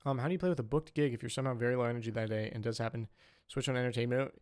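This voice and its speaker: A young man, a saxophonist streaming live, chats casually at a very fast clip with a medium pitch, fairly even intonation and a darkish tone. He rambles, filling his talk with "like" and "um."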